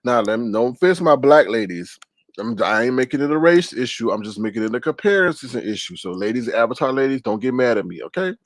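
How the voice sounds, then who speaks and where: A man talks fairly quickly on a live stream, recorded with clean studio sound and no room noise. In a casual storytelling chat he tells stories animatedly, jumping into high, exaggerated voices when quoting people, and reads viewers' comments aloud to tease them.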